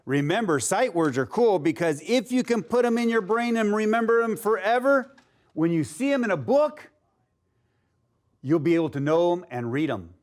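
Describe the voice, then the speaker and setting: A man's voice: high-pitched, very animated, darkish tone. A man teaching a phonics lesson to young children, sounding out letters and cheering them on. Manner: slow, sounding out letters, upbeat and encouraging.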